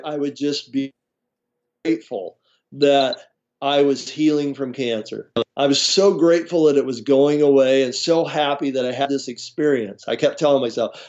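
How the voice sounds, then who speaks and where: Laughing male storyteller, dull audio. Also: medium pitch. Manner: animated storyteller, laughs often, acts out quoted voices. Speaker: guest herbalist. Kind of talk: storytelling interview.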